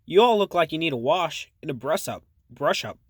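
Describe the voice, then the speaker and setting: A man voicing a suspicious young woman who talks in a slow drawl in an audiobook. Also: on the high side, expressive, slightly rough, no room sound, studio quality, voice pushed up. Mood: wary.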